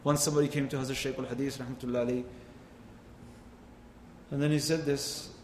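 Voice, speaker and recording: A man's voice: mid-range voice, little pitch movement, fast talker, a little mellow, a little hiss or hum. A man preaching a sermon with impassioned, rising and falling delivery, mixing in Arabic phrases. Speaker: Islamic preacher. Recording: echoey hall, faint ambience.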